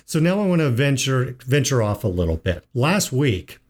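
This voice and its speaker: A man hosting a financial talk show, telling a joke slowly in a folksy way. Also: medium pitch, very animated, darkish tone. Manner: unhurried, folksy storyteller. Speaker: financial advisor and show host. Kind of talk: casual radio talk with told jokes.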